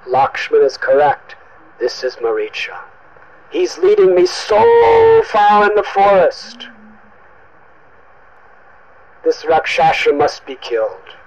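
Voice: medium pitch, wildly swooping pitch, measured pace, vocal fry, darkish tone, muffled recording, pitched below the performer's own voice, heavily acted. A storyteller voicing a noble, devoted prince who speaks solemnly and resolutely. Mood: grim.

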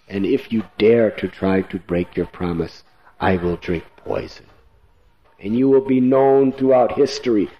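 A man's voice: mid-range voice, highs cut off. A man voicing an unmoved, wrathful queen who coldly makes her demands. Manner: hard, commanding, demanding. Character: cold, wrathful scheming queen.

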